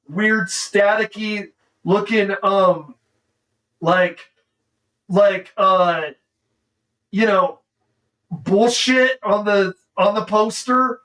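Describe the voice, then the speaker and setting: A man's voice: high-pitched, a bit bright, distant mic, rough recording. A male streamer ranting in a sarcastic, exasperated, mocking way. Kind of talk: ranting commentary.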